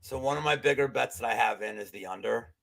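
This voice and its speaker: A man co-hosting a betting podcast in casual chat, an animated, jokey storyteller who swears freely. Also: mid-range voice, fast talker, vocal fry, no echo.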